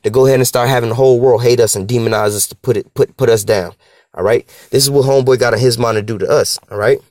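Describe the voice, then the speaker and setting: A man giving a casual, slang-filled Bible teaching, talking conversationally and slowing down to read scripture. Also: mid-range voice, steady tone, darkish tone, no echo.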